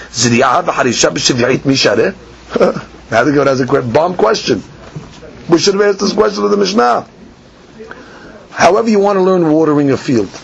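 A man's voice: on the high side, creaky, a little hiss or hum. Man teaching Talmud in a sing-song. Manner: sing-song reading of the text, then quick plain explanation; asks and answers his own questions. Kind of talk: Talmud lecture. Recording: dull lo-fi podcast recording with faint ambience.

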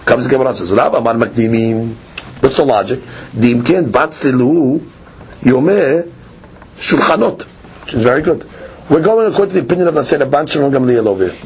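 A man teaching a daily Talmud class, explaining step by step and rising excitedly on key points. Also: medium pitch, brisk, breathy edge, dull audio.

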